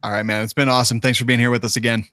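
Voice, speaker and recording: A man's voice: medium pitch, little pitch movement, racing, pushed and bright, clean tone, no room sound. Dry-voiced male podcast host. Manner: laughs often, reads sponsor ads. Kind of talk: casual chat.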